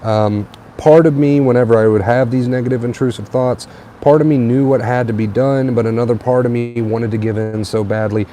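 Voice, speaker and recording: A young man hosting a late-night livestream on a tablet, a little tired, relaxed and repetitive, with plenty of uh and um. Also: medium pitch, a little fast, a little hiss or hum. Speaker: livestream host. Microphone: tablet mic.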